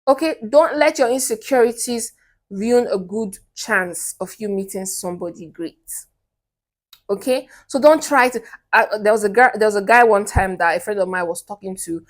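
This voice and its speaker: A young Nigerian woman with a Nigerian accent, talking straight to camera as a relationship coach, emphatic and repetitive, often breaking into a personal story. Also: mid-range voice. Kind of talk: direct-to-camera advice talk.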